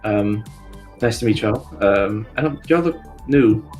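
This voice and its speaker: A man's voice: on the low side, unhurried, a little mellow, faint music behind, lightly acted. A man voicing a short, eager male half-elf fiddler, breathless and friendly.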